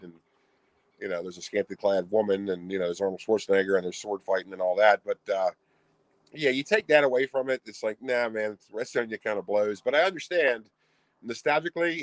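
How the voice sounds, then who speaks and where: A man's voice: on the low side, no echo, low-quality recording. A man co-hosting a casual stream about collecting, talking bluntly and opinionatedly, often restarting his sentences. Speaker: co-host of a video collecting stream. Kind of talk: casual chat.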